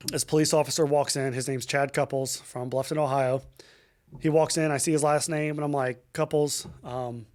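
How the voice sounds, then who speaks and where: A young adult man speaks as a podcast guest, recounting his past with raw emotion. His voice sits a little high for a man, and he stumbles through restarts and fillers, cursing now and then. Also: fairly even intonation, a little mellow. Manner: emotional, halting, many fillers and restarts, swears. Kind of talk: personal storytelling in an interview.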